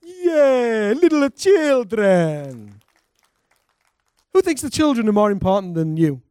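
Pastor, slightly high voice, dry close sound, animated preaching with call and response. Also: male voice, takes it slowly, clean tone, no echo. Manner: animated preaching, calls for congregation responses, laughs. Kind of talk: sermon.

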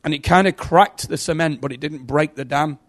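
A middle-aged man giving an emotional sermon testimony, telling stories and swinging from hushed to loud. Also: on the high side, moderate pace. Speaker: preacher.

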